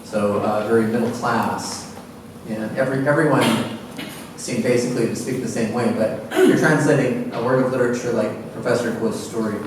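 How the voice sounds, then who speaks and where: A man's voice: mid-range voice, steady tone, moderate pace. A man in the role of a translator and professor, talking through his answer on a seminar panel. He repeats words as he gropes for the right phrasing. His voice comes from some distance in a very echoey hall, with a faint hiss underneath. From Edmonton, Canada.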